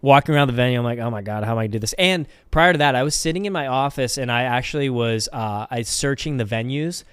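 A man's voice: medium pitch, fast, hardly any pauses, fairly bright tone, smooth, no echo, studio quality. A young man guesting on an interview, telling stories in a rambling, candid way full of fillers. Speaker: musician guest. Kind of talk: casual interview storytelling.

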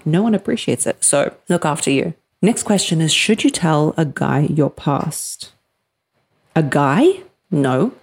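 Direct woman with a gravelly edge. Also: low-pitched, expressive, measured pace, darkish tone. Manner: direct, emphatic, acts out quoted people. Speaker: podcast host answering listener questions. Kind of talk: direct advice talk.

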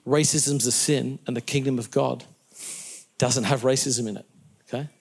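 A middle-aged Australian man talks like a pastor in the middle of a sermon, even though he is a guest in an interview. He doubles back on his words and breaks into laughter at his own asides. His voice sits in an ordinary middle pitch for a man. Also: moderate pace, vocal fry, husky. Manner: animated, self-interrupting, laughs at own jokes. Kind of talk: conversational interview answers, preacherly.

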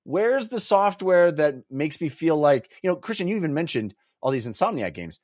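Brief: an animated male co-host, lively and slightly high, dry close mic. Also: normal speed, dry recording. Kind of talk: casual discussion.

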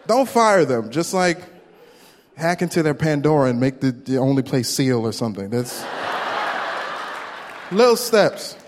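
A man doing a stand-up comedy set, telling a story with quick voice impressions into a handheld stage mic at a live venue. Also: medium pitch, some chatter behind. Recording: long hall reverb, faint room noise.

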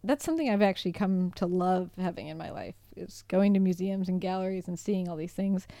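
A woman's voice: lowish voice, mellow, no echo. Giggly self-deprecating young woman. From United States. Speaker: podcast co-host. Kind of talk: casual chat.

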